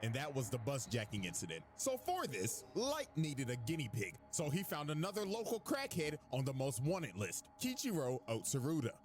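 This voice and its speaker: A man narrating a crude, joking comedy recap in an animated way. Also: mid-range voice, normal speed, hardly any pauses. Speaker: commentary narrator. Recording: narrated video with background music.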